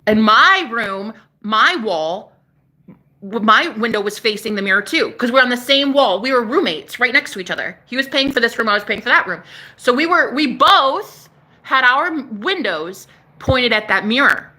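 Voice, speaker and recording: A woman telling a story casually on a vlog, excitable and profane, talking outdoors on a porch. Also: a little high, normal speed. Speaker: spiritual vlogger.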